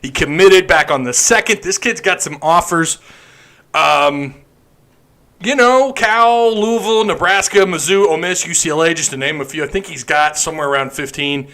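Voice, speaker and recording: A man hosts a casual live stream, rambling and joking between sips of beer. His voice sits a bit high for a man and sounds bright and forward. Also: moderate pace. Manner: rambling, joking, drinking beer while talking. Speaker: podcast host.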